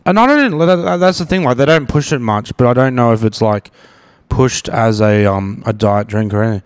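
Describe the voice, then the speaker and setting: A man's voice: medium pitch, a little fast, clean tone. Australian male podcast host, rambling casual chat, restarts a lot. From Brisbane, Australia. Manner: rambling and chatty, often repeats words.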